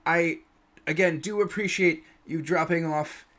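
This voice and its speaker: A man's voice: a little high, steady tone, fairly bright tone, pitched above the performer's own voice. A man voicing a flustered young male knight in a tabletop game, stammering and tripping over his words. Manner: stammering, rushed, anxious.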